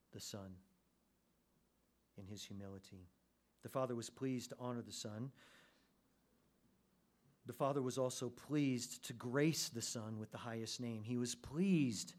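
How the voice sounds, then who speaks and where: A man preaching a sermon to his congregation, moving between hushed, slow emphasis and loud, fervent climaxes. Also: medium pitch. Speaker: pastor.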